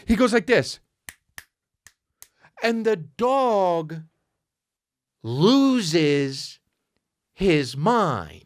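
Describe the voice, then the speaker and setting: A man's voice: fairly high pitch, dry recording, studio quality. A man hosting a podcast, telling a comic story as an exasperated, profane rant. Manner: exasperated, profane, animated ranting. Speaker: podcast host.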